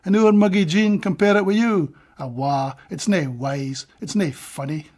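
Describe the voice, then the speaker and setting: A Scottish man giving a measured, deliberate poetry reading of his own translations, with brief plain-spoken asides between poems. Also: high voice, a little mellow.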